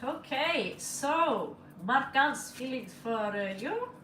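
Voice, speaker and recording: A woman for whom English is not her first language reads tarot cards on a live stream, loose and chatty, laughing between cards. She talks slowly with a slightly high voice. The room rings with echo over a faint background hum. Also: animated, a bit bright. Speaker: tarot reader. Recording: echoey room with faint ambient noise.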